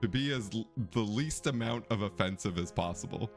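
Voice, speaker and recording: Excitable man streaming a mystery game. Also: fairly low pitch, a little fast, soft background music. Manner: animated and excitable, laughs often, talks to chat. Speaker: let's play streamer. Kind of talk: casual gameplay commentary, reading game text aloud.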